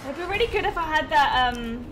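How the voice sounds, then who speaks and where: High-voiced woman screaming at a horror game. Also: brisk, over music. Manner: jumpy, screams and swears at scares. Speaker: gaming YouTuber. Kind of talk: let's play horror game commentary. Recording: steady background noise.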